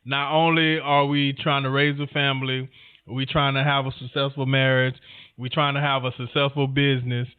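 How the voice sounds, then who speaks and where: Male co-host, laid-back rambling talk, smooth voice, narrow tinny audio. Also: medium pitch, level tone, normal speed. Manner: laid-back, rambling, talks straight to listeners. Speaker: podcast co-host. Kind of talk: casual conversation. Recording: phone-like narrow sound.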